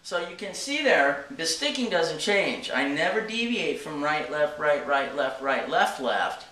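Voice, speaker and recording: This drum instructor has a higher, expressive voice and talks a little slowly, walking through each step plainly with a frequent "okay?". He's far from the mic in an echoey studio with a noisy background.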